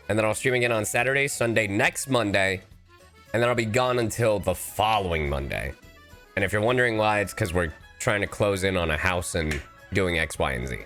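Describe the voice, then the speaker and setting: Male streamer, low voice, very animated pitch, casual and jokey, slightly sick. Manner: playful, goofy asides and repeated phrases. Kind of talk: casual live-stream chat.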